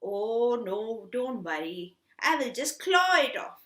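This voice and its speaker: A woman's voice: fairly high pitch, very animated, takes it slowly, fairly bright tone, roomy sound, exaggerated voice. A woman voicing a cat who was woken from her sleep and wants to help. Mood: grumpy, helpful. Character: grumpy cat woken from sleep, then helpful.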